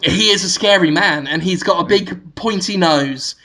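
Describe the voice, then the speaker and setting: A man's voice: high-pitched, normal speed, sharp tone. A male podcast host telling a rambling, absurd improvised story with frequent giggles.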